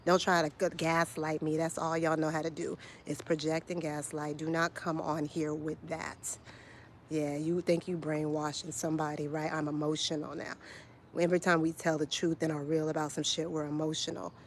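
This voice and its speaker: A woman's voice: deep voice, level tone, fairly quick, slight background noise. A woman, delivering a blunt, profane, confrontational rant straight to camera as a vlogger. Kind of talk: heated direct-to-camera rant.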